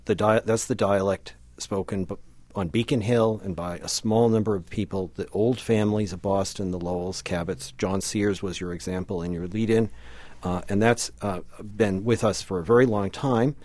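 Male academic guest, low pitch, halting delivery, dry studio sound. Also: a little mellow, dry recording. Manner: hesitant, many "uh" fillers. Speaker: linguistics professor. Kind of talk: explaining on a radio show.

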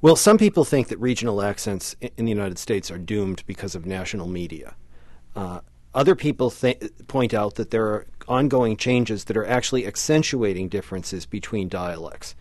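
A man who is a professor and studio guest on a radio talk show, explaining in a measured, slightly halting way. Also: lowish voice, expressive, darkish tone, no echo.

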